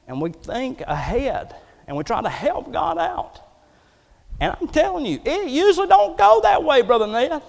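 A man pastoring a church, preaching a folksy sermon, joking and then building to loud passages. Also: very high voice, sing-song, moderate pace, gravelly, in a large hall.

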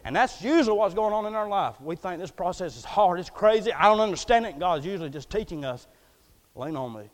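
High-voiced preacher in an echoey hall. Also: male voice, fairly quick. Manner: storytelling, folksy, animated with acted-out quotes. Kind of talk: sermon. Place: church hall.

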